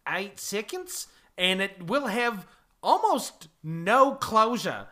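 Man, casual movie chat, wry humor, crisp bright tone. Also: high-pitched, very animated, takes it slowly.

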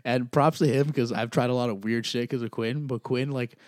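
A man's voice: mid-range voice, fairly even intonation, a little fast, a little mellow, no echo. A young man telling rambling stories in casual chat as a podcast co-host, full of likes and fillers.

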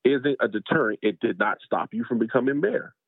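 A man's voice: mid-range voice, fairly quick, husky, no echo. A man from North Charleston, South Carolina, a podcast guest, explaining things emphatically in a conversational interview. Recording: dry, phone-like sound.

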